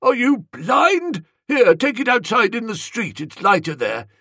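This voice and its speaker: A man's voice: extremely high pitch, huge pitch swings, measured pace, gravelly, a bit bright, dry recording, clean studio sound, pitched above the performer's own voice, exaggerated voice. A man voicing an irascible, fussy elderly male magistrate in an audiobook, speaking shrilly and indignantly. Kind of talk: audiobook character voice.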